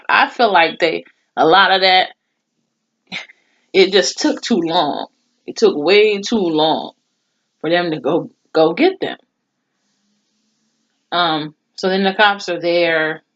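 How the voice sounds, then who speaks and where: A woman casually recapping a TV episode in a blunt, expressive way, swearing freely. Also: on the low side, takes it slowly, pauses often. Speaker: TV show reviewer. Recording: dull lo-fi recording.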